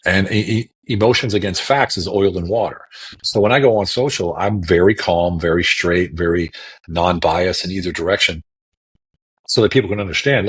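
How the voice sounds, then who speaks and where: A man's voice: sits low, normal speed, fairly bright tone, breathy edge. A man talking as a podcast guest on a remote call, emphatic and repeating words for stress. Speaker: guest political commentator. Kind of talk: casual podcast talk.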